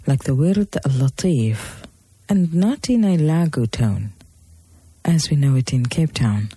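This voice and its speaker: A male documentary narrator delivers scripted history in a measured, formal way. His voice is mellow and deeply husky, rising and falling with lively intonation. The sound is close and dry. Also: no room sound.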